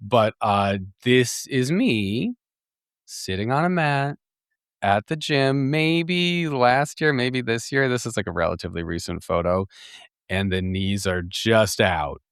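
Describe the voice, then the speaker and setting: A man hosting a podcast, telling a story in a chatty, animated way, laughing often and restarting his sentences. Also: mid-range voice, slow pace, smooth, no room sound, clean studio sound. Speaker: podcast host. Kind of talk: casual storytelling monologue.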